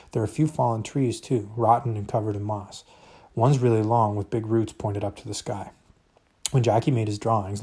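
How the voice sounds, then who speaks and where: Man reading a novel aloud, expressive first-person narration, warm tone, slightly husky. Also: fairly low pitch. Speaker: reader.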